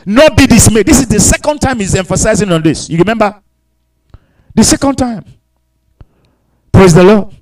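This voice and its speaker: Brief: male preacher, high lively voice, repeats and shouts for emphasis. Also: moderate pace, long pauses, poor audio. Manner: emphatic, repetitive preaching with sudden shouts and hushed asides; speaks in tongues between points. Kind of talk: sermon.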